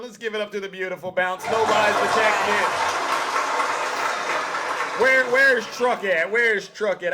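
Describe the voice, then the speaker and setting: A man hosting a livestream political debate, animated and lecturing, repeating a guest's name. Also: sits high. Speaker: livestream host.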